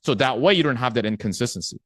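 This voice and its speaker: A man coaching a live online sales class, his pitch swinging up and down with lots of life. He talks casually, slips into the voices of prospects, and keeps checking in with his listeners. The sound is dry and close, with almost no room echo. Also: lively intonation, quick pace, a bit bright. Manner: conversational, acts out prospect replies, checks in with "right?".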